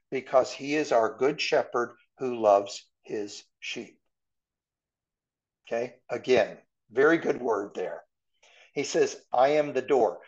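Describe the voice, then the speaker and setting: A man's voice: mid-range voice, muffled recording. A man giving verse-by-verse Bible teaching in a conversational way, asking his class rhetorical questions.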